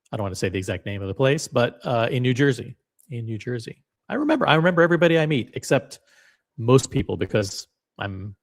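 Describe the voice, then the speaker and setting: A man hosting a live commentary stream, reading out chat with dry, sarcastic, rambling asides. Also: medium pitch. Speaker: livestream commentary host.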